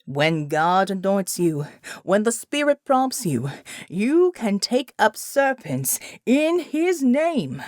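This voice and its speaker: A woman's voice: medium pitch, big pitch swings, slow pace, darkish tone, no echo, clean studio sound. A woman voicing a male pastor who preaches in a sing-song voice that rises and falls. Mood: preaching. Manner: sing-song, rising and falling.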